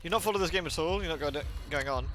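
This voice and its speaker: A man streaming a video game, giving casual commentary in an excitable, sarcastic way and swearing freely. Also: a little high, very fast, noisy background.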